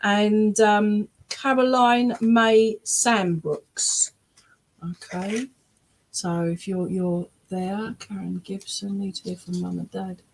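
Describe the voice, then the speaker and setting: A woman's voice: medium pitch, level tone, unhurried, creaky, darkish tone, breathy edge. An English woman, a spiritualist medium, giving readings at an online church service from her webcam, often checking in with "all right?" and "okay?". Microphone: webcam on a video stream.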